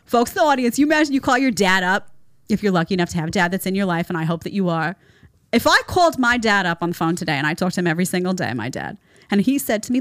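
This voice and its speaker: A woman's voice: fairly low pitch, sing-song, fast, a bit bright, no echo, studio quality. A woman hosting a reaction commentary show, talking emphatically and sarcastically, often calling people "honey" and asking her audience to agree. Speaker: show host.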